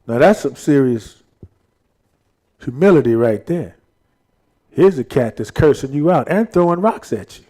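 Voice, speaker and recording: A man's voice: a little high, expressive, a little slow, long pauses, warm tone. A man leading a Bible study in a casual, slangy, laid-back way, retelling scripture in everyday talk.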